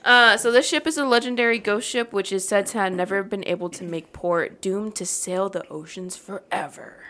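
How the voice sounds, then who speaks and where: Woman podcaster reading a spooky legend, bright sharp voice, jokes and swears a lot. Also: medium pitch, normal speed. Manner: joking, swears freely, laughs often while reading. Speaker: podcast host. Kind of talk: casual storytelling chat.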